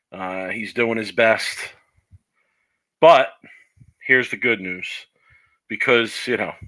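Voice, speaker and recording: A man's voice: lowish voice, pushed and bright, poor audio. A man hosting a casual comedic podcast, loose and playful, with lots of fillers as he interviews a guest. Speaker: podcast host.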